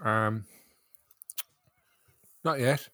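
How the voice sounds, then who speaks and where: A man, a podcast co-host throwing in quick, teasing remarks. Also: on the low side, sharp tone, dry recording, clean studio sound. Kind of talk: casual chat.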